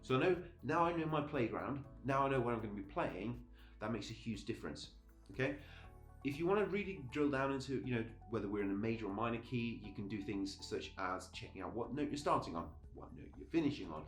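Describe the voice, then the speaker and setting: A man's voice: mid-range voice, lively intonation, brisk. Chatty middle-aged man teaching music. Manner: chatty, upbeat, self-interrupting. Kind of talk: casual video lesson. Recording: echoey room with faint background music.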